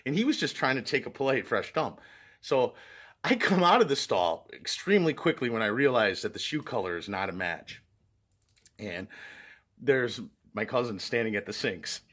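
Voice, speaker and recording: A man's voice: medium pitch, sing-song, moderate pace, a bit bright. A man vlogging, telling a personal story in a casual way, often laughing and using fillers like "like" and "you know".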